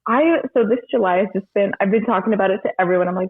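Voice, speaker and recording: A woman guest chatting casually about her bartending work, animated, laughing often and swearing freely. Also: medium pitch, fast, hardly any pauses. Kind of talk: casual chat. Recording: tinny phone-like line.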